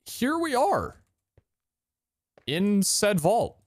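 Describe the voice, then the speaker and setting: A young man chatting while gaming with friends, with a dry, deadpan humor and mock-formal phrasing. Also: high-pitched, drawn-out words, dry recording. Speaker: gamer. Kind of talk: casual gaming chat.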